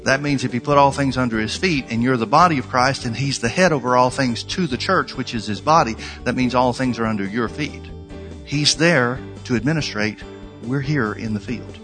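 A man's voice: medium pitch, a little fast, a bit bright, soft background music. A man preaching a sermon, telling a personal story in an earnest, emphatic way. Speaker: pastor.

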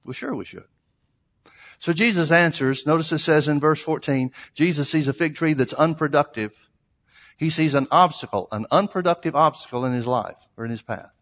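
A man's voice: fairly high pitch, normal speed, fairly bright tone. Preaching man in a reverberant hall. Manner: emphatic, reads scripture in old-style phrasing. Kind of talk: sermon.

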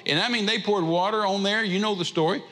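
In a fast, slightly bright voice that sits high, this preacher relates a Bible story folksy-style, dropping drawled asides along the way. Echoey hall reverb fills the recording.

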